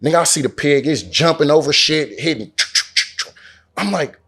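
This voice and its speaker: A man's voice: on the high side, normal speed, slightly rough. A man from Oakland, an interview guest telling a story casually and animatedly, acting out the dialogue and swearing often. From Oakland, California. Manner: animated, acts out quoted dialogue, heavy slang and swearing. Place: lounge in a Las Vegas resort.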